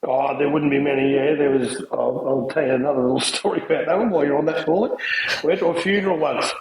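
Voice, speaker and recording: A man's voice: fairly high pitch, steady tone, fast talker, darkish tone. A middle-aged man with an Australian accent, a podcast guest telling stories in casual chat, laughing often. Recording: echoey room with noise.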